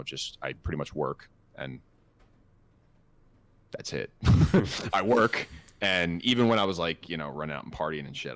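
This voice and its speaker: A young man in his twenties tells a casual story on a podcast. His low voice swings widely in pitch, and he rambles, swears freely and restarts his sentences often. The recording is close and dry. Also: fairly bright tone, no room sound. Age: 20s. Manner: rambling and profane, with many fillers and restarts. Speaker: podcast co-host.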